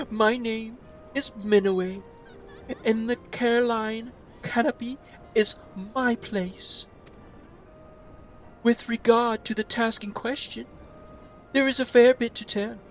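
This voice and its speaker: A man's voice: sits high, pitched above the performer's own voice. A man voicing a snooty elf hostess, reading video game dialogue in an affected, fussy and theatrical way.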